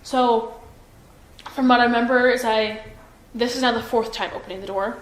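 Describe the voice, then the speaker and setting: A woman's voice: fairly high pitch, steady tone, normal speed. Hesitant young woman in an echoey room. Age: 20s. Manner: hesitant, many fillers and restarts. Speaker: witness being interviewed by police. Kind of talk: recorded police interview. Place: police interview room. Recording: roomy room echo with faint noise.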